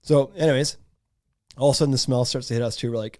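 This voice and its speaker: A man's voice: medium pitch, fast talker, dry recording, studio quality. A man in his thirties hosting a podcast, telling a story in a loose, laughing way with lots of fillers. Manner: animated, laughing, many fillers. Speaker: podcast host. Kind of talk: casual storytelling.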